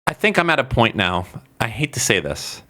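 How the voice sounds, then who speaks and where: A man's voice: medium pitch, very animated, normal speed, bright, forceful tone. A man co-hosting a podcast, chatting in a rambling, sarcastic, jokey way. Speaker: podcast co-host. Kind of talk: casual podcast chat.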